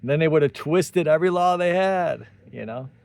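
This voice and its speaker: A man's voice: fairly high pitch, lively intonation, moderate pace, gravelly, darkish tone, no echo. A man hosting a solo tech commentary, talking animatedly with sarcastic asides and tangents. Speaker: tech commentary channel host.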